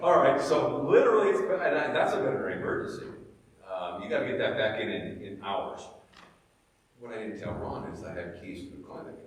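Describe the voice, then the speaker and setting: A middle-aged man teaching Sunday school, his pitch swinging up and down as he tells stories and quizzes the class. He sounds distant, in a very echoey hall with a long reverb. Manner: animated storytelling, asks the class questions. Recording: echoey church hall, mic far away.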